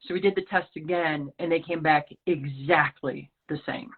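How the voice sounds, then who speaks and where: A female podcast guest from the Rocky Mountain region of the US tells a personal story in conversation, animatedly acting out the quoted dialogue. Her voice is low with a breathy edge, at normal speed, over a lo-fi, phone-like line.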